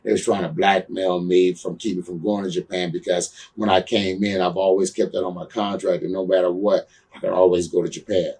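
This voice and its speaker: A man's voice: sits low, flat delivery, a little fast, a little mellow, husky, far from the mic. A man being interviewed as a guest, telling stories bluntly with lots of cursing and "you know what I'm saying". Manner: heated when recounting grudges. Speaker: interview guest, former pro wrestler. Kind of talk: candid shoot interview storytelling.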